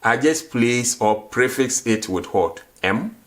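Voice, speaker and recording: A man's voice: mid-range voice, expressive, takes it slowly, a bit bright. A man teaching a grammar lesson, who asks questions and answers them himself and repeats words for drill. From Ghana. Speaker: language teacher.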